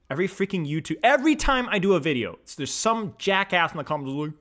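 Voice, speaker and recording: A young male streamer with a bright, forward voice sounds out words in a casual pronunciation chat, talking briskly with hardly any pauses. His pitch leaps around and he keeps bursting into mock-outraged shouts, all loose and animated rather than scripted.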